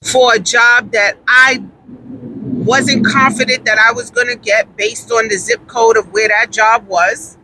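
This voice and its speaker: A woman's voice: on the high side, steady tone, measured pace, sharp tone, slight background noise, low-quality recording. A woman telling a story in a casual monologue, emphatic and repeating her points for stress.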